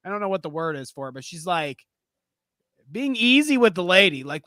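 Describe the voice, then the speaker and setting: A man hosting a live reaction show, retelling what he watched with quick laughs. His pitch swings widely and his voice sounds dry and close. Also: very animated, pushed and bright, dry recording. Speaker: podcast host. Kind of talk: casual reaction commentary.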